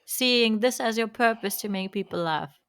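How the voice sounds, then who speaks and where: A woman's voice: fairly high pitch, normal speed, a bit bright, clean tone, no echo, clean studio sound. A woman hosting an interview, asking loose questions full of fillers. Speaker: interviewer host. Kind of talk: casual interview chat.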